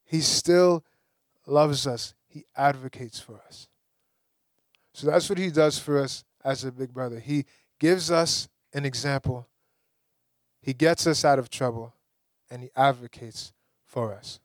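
A young man from the Caribbean preaching a sermon, lively and rising to emphatic peaks. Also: medium pitch, measured pace, pauses often, dry recording, studio quality.

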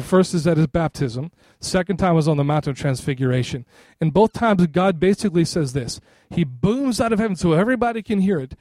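Animated man preaching a sermon. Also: a little high, no room sound. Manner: animated, conversational, acts out quoted voices.

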